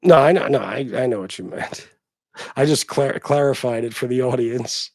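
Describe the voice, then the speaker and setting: A man's voice: medium pitch, normal speed, no echo, clean studio sound. A man hosting a casual livestream, talking bluntly and crudely and rambling with lots of fillers. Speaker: livestream host.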